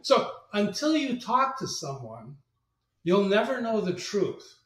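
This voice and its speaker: Animated middle-aged man telling stories. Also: high-pitched, takes it slowly. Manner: animated, acts out quoted voices. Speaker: marketing agency president, guest. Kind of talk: anecdotal interview storytelling. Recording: echoey room, distant mic.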